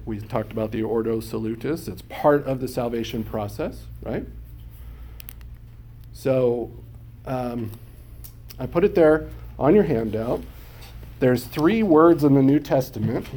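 A man's voice: medium pitch, dark tone, a little hiss or hum. A man teaching a Bible class, explaining Greek words patiently and often checking whether his students follow. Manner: explanatory, checks understanding with questions.

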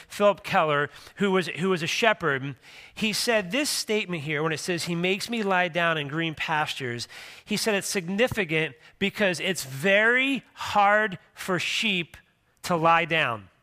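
A man's voice: high-pitched, sharp tone. A middle-aged man preaching a sermon as pastor, in a conversational way with joking asides and frequent restarts.

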